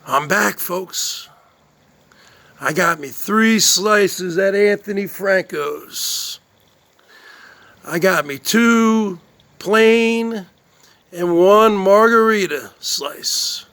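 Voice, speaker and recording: A man's voice: high-pitched, extremely slow, pauses often, full character voice. A man doing a comic impression of a boastful Jersey man who brags about his pizza and moans with pleasure as he eats it. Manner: loud smacking yummy sounds, bragging.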